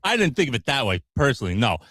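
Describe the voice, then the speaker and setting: Guy with a bouncy, lively voice on a sports show, laughs a lot, dry close sound. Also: medium pitch, rapid-fire, dry recording. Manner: laughs often and jumps into the conversation. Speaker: sports talk show co-host. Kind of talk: casual sports chat.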